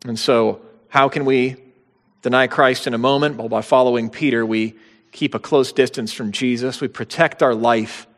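Male pastor, sermon delivery, earnest and emphatic, middle pitch, long hall reverb. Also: steady tone, normal speed. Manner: earnest, emphatic preaching with rising stresses.

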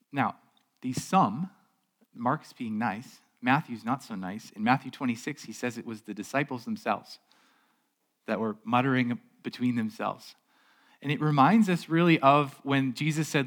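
A man's voice: medium pitch, moderate pace, fairly bright tone. Conversational male pastor preaching a sermon. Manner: conversational preaching with repeated words and rhetorical questions. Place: church stage.

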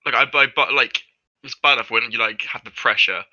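A man's voice: mid-range voice, fairly quick, sharp tone, dull audio. A young man with an English accent, a podcast guest chatting casually, laid-back, self-deprecating and swearing often. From England. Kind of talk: casual chat.

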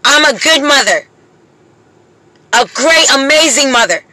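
A woman's voice: sits high, expressive, bright, forceful tone, no echo, rough recording. A single mother speaking in an impassioned, pleading monologue, swearing often and close to tears at times. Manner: impassioned, pleading, profane, slow deliberate emphasis. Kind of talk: emotional monologue to camera.

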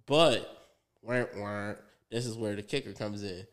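A man's voice: on the low side, moderate pace. A young man on a podcast, telling a rambling story in loose, profane slang with lots of fillers and asides. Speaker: podcast co-host. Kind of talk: casual storytelling.

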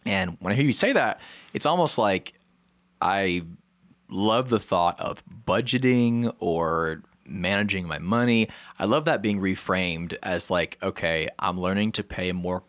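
Very deep-voiced earnest man. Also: a little slow, no room sound. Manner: earnest, encouraging, soft-spoken affirmations. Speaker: podcast co-host. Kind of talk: casual podcast chat.

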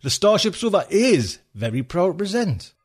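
A man's voice: high voice, big pitch swings, moderate pace, husky. A man hosting a podcast, introducing a narrator in a chatty, laughing manner. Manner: chatty, laughs and ad-libs while reading. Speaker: podcast host. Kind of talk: casual show introduction.

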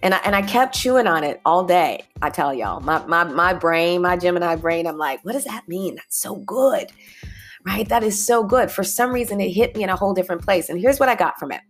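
A woman with a lowish voice hosts a relaxed motivational talk, chatty and upbeat and calling her listeners y'all. She guides slow breaths between stories. Faint music sits under her voice. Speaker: podcast host.

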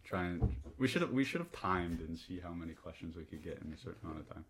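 A young man hosting a podcast, rattling through quick questions with lots of "uh" fillers and easy laughter. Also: sits low, expressive, a little hiss or hum. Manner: laughing easily, many "uh" fillers. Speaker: podcast host. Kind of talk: casual chat, rapid-fire question game.

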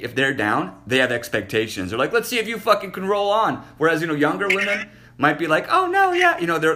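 A man's voice: on the high side, pushed and bright, a little hiss or hum. Crude, blunt podcast host, a man. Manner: crude and blunt, rambling, swears freely. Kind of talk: casual chat.

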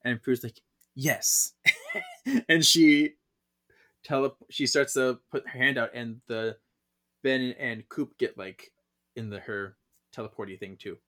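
Casting: giggly male podcast co-host, bright energetic tone, casual comic recap. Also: medium pitch, unhurried, long pauses. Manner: giggly, laughs often while narrating.

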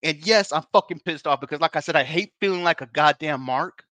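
A man's voice: fairly high pitch, a little fast, bright, forceful tone, no echo. A man hosting a wrestling podcast, delivering a heated, profane and frustrated rant. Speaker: podcast host.

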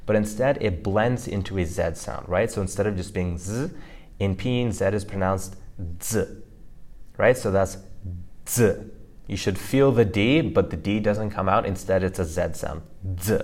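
Male podcast co-host, very low voice, casual teacher who rambles with fillers. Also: normal speed, hardly any pauses, a little mellow. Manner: chatty, loose with fillers like "like" and "you know".

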